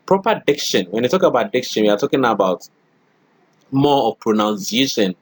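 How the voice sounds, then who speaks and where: A man's voice: mid-range voice, sing-song, moderate pace, slightly rough. A middle-aged man lecturing a college class, often checking in with "okay" and "all right" and acting out spoken examples.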